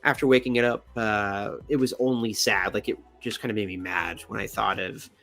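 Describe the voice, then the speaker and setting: With a creaky voice at a moderate pace and soft music underneath, a young adult man hosts his channel. He comments casually on pictures, rambling and joking with lively swings in pitch.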